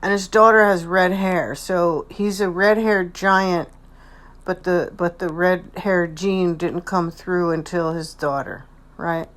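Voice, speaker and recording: A woman's voice: fairly low pitch, fairly even intonation, slow, fairly bright tone. A woman hosting her own channel, rambling and repeating herself as she comments on someone else's speech in video clips. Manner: rambling and repetitive, analyzing others' speech.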